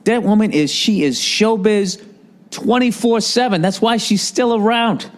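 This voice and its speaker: Man, forties, podcast host, comedic rant, profane and sarcastic, slightly high voice. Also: unhurried.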